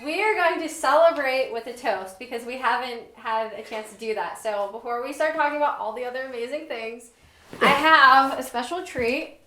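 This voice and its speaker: An upbeat woman with a fairly high voice speaks in casual podcast chat. She sounds encouraging and playful. The room adds a clear echo to her voice. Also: normal speed, sharp tone, a little hiss or hum. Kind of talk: casual conversation. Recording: roomy echo.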